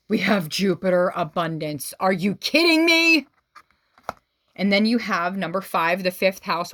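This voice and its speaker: A woman giving a tarot reading to her viewers, gushing and exclamatory, swinging between excited outbursts and hushed asides. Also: lowish voice, dry recording. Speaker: tarot reader.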